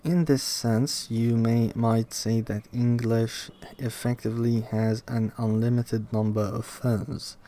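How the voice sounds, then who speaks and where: Slow, low-key man reading a textbook. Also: level tone, dark tone, slight background noise. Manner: slow, halting reading, repeats words to test stress. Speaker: reader studying a linguistics textbook aloud. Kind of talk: casual read-aloud study session.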